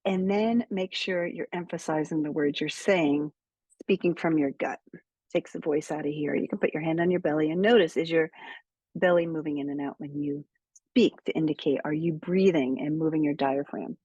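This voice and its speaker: Husky, measured woman coaching on speaking. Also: low-pitched, fairly even intonation, warm tone, no echo, muffled recording. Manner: measured, emphatic, deliberate pauses. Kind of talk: direct-to-camera speaking tips.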